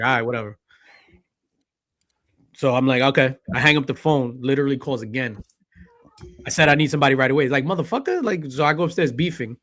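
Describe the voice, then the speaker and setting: A man's voice: medium pitch, fairly bright tone, no room sound, studio quality. Laid-back profane man telling stories. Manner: profane, storytelling, laughs often. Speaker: podcast host. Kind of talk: casual chat.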